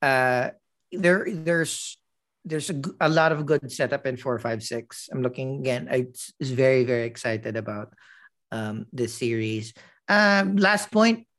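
A man co-hosting a laid-back podcast. He talks in a mid-pitched voice, circling his points with fillers and restarts. The tone is loose and conversational. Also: unhurried, a bit bright. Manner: rambling, many fillers and restarts. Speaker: podcast co-host. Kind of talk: casual chat.

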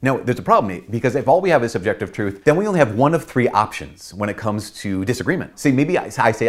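A man's voice: fairly low pitch, sing-song, fairly quick. A man, a priest hosting his channel, explaining an idea in a casual teaching talk, repeating key points and acting out quotes in playful voices.

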